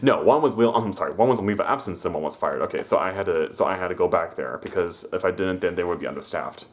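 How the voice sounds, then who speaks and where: A man's voice: low-pitched, fast talker. A man casually telling a story from his old job, rambling with many fillers and self-corrections. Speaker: vlogger. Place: room at home.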